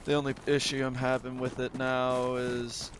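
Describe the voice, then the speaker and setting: A man's voice: mid-range voice, completely flat delivery, normal speed, noisy background. A man telling a casual, rambling story about a game match, swearing often and restarting sentences. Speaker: gaming video creator.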